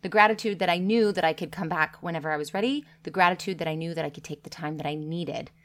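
Woman, business coach, candid casual talk, earnest, slightly low-pitched. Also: fast, fairly bright tone. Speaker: business coach and content creator. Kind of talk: casual direct-to-camera talk.

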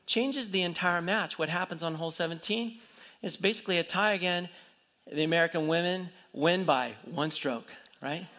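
A male pastor in full sermon mode retells a story, voicing the characters and firing off rhetorical questions one after another. His high voice rings bright and clear at a moderate pace, trailed by a long reverb.

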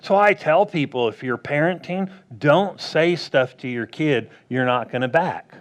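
A pastor preaching a sermon in a plain, conversational way, asking the crowd rhetorical questions and acting out what people and God might say. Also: male voice, a little high, lively intonation, measured pace.

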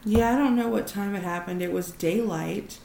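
A woman's voice: medium pitch, normal speed, creaky, mellow. A woman co-hosting a podcast in casual chat, recapping animatedly and swearing casually. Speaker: podcast co-host. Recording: echoey room with faint noise.

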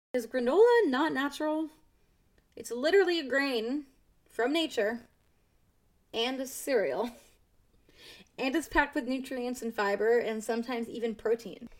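A young woman vlogging, speaking candidly and with emphasis, firm in her opinions as she talks to her viewers. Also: on the high side. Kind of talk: casual commentary to camera.

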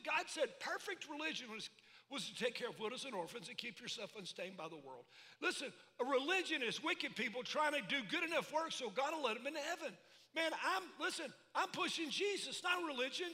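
A man preaching a sermon, folksy and animated, calling out to his congregation. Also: high voice, brisk. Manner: animated, folksy preaching with call-and-response asides. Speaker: pastor. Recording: echoey hall reverb.

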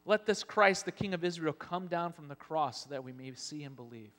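A man preaching a sermon as pastor, telling Bible scenes with lively acted-out lines. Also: a little high, a little fast. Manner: animated storytelling, acting out Bible scenes. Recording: long hall reverb.

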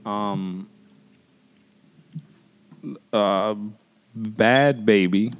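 A man's voice: lowish voice, steady tone, drawn-out words, noisy background. A man hosting a casual chat, laid-back and laughing often, with lots of fillers. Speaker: podcast host.

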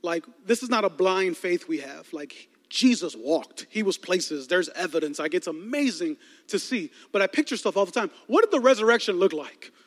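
High-pitched man, preaching, playful storyteller, does voices, echoing hall. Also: moderate pace. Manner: lively, playful, acts out movie scenes with voices. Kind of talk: animated sermon storytelling.

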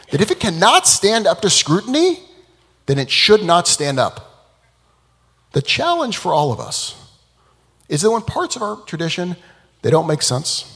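Guy giving a talk, super lively voice, kinda husky, big echoey hall. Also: a little high. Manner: animated, dramatic storyteller. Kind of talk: public talk with storytelling.

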